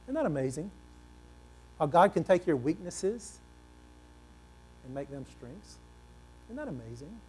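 A male pastor preaching a sermon, animated and asking the congregation questions, swinging between loud and hushed delivery. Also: on the high side, a little slow, pauses often, slight background noise. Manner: repeats words for emphasis, asks the congregation questions.

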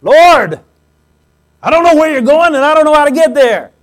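A preacher briefly plays a panicked male disciple, his voice jumping high and loud as he pleads in frantic confusion. The outburst is sharply raised and strained above the man's normal speaking register. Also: animated, moderate pace, poor audio.

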